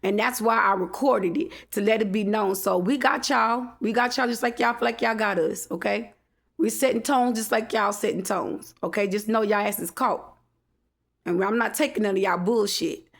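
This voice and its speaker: A woman's voice: mid-range voice, moderate pace, vocal fry. A woman, venting to camera in a defiant, repetitive monologue full of swearing. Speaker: vlogger.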